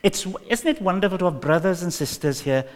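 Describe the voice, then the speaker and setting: A man's voice: high voice, animated, fairly quick, in a large hall. A man with a Welsh accent preaching a sermon, emphatic and repetitive with many fillers.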